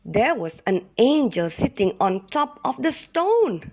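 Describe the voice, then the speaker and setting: Slow, expressive woman reading a Bible story. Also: fairly high pitch. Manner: expressive, addresses the children directly. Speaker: kindergarten teacher.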